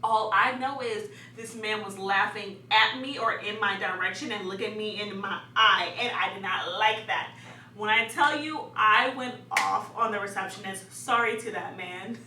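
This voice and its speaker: A young woman telling a story in a casual, animated way, laughing often and dramatizing events. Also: mid-range voice, normal speed. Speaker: vlogger. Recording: echoey room, distant mic, faint hum.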